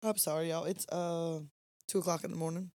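A woman's voice: on the low side, steady tone, fairly quick, darkish tone, no room sound. Chatty woman telling a story. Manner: chatty, rambling, Southern "y'all" phrasing. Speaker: podcast co-host. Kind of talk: late-night casual storytelling.

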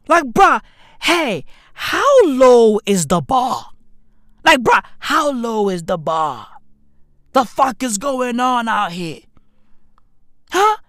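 High, animated woman in a profane rant. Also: no room sound, clean studio sound. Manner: exasperated, mocking, swears a lot.

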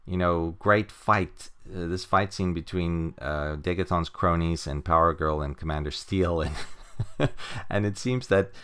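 A man's voice: sits low, unhurried, fairly bright tone, clear, resonant tone. A man co-hosting a comic book podcast in casual chat, rambling with lots of fillers and frequent chuckles.

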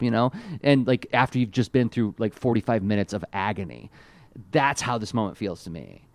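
A man's voice: lowish voice, fairly quick, a little mellow, dry recording. A man co-hosting a casual podcast, talking with enthusiasm and lots of fillers as he reviews a cartoon. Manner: enthusiastic, rambling, many fillers. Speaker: podcast co-host.

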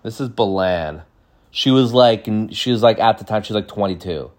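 A man in his thirties doing a comedic storytelling monologue, rambling with lots of "like" and "dude.". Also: on the low side. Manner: animated, jumps into quick voices. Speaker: podcast host.

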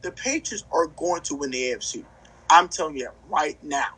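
A man with a high, breathy, husky voice co-hosts a casual sports podcast. He talks trash with lively bluster and keeps stammering on repeated words as he builds his point. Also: a little fast, poor audio. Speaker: podcast co-host.

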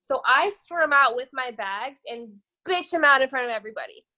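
High, bright-voiced young woman telling stories. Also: lively intonation, normal speed. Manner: profane, rambling, says "whatever" a lot. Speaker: podcast guest. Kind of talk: casual storytelling chat.

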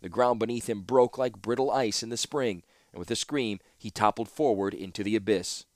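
Low-voiced guy reading a fantasy audiobook, steady pace, dead dry sound. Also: no echo. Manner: steady, measured storytelling. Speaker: audiobook narrator. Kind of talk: scripted fantasy narration.

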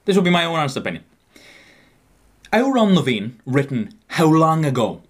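A young Irish man co-hosts a casual podcast, joking and teasing, with plenty of rise and fall in his pitch. He keeps turning to the listeners and addressing them as lads. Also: big pitch swings, moderate pace. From Ireland. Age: 20s. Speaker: podcast co-host. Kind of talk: casual chat.

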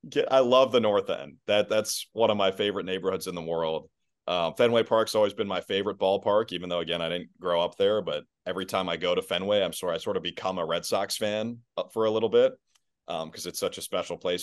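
A man's voice: sits low, fast, dry recording, clean studio sound. A man talking casually as a guest on a sports podcast, easygoing and self-deprecating, laughing often. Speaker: podcast guest, basketball play-by-play announcer.

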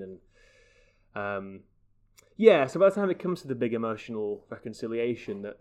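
A man co-hosting a podcast, discussing a film in a measured, hedging way, often restarting his sentences. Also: on the low side. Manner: measured, hedging, self-correcting. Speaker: podcast co-host.

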